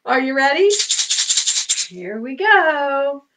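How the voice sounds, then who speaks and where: A woman's voice: high voice, big pitch swings, slow pace, muffled recording, music in the background. A woman, a children's librarian, singing movement rhymes and leading playful activities for kids at home in a bubbly, sing-song manner.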